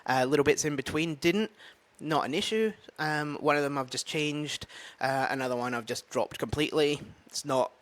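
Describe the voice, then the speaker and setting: A man's voice: a little high, moderate pace, few pauses, fairly bright tone. A man with a Scottish accent, an open mic comedian, chatting casually in a vlog, rambling and thinking aloud with many fillers. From Scotland. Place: at home with a dog.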